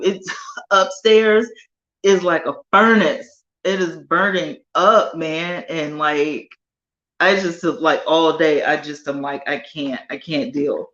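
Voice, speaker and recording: A woman hosting a casual live chat with viewers from her home sunroom, animated and chatty with drawn-out emphasis. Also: fairly low pitch, reverberant, lo-fi sound. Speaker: livestream host.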